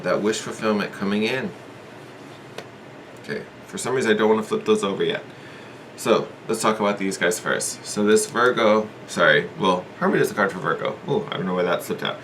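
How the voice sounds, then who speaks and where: A man gives a casual tarot reading, thinking out loud with hedges and repetitions in an earnest, encouraging manner. His voice is lowish and fairly bright, delivered at a moderate pace over slight background noise.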